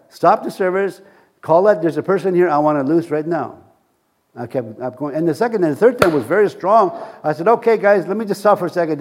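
A man preaching a sermon, telling a long story from his own ministry. His voice sits a little high for a man. He keeps it lively and jokes with the room, chuckling between lines. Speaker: pastor.

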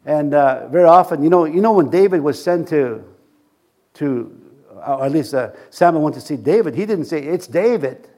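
A male pastor telling a story in a sermon, lively and anecdotal, chuckling at his own jokes. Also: fairly high pitch, moderate pace.

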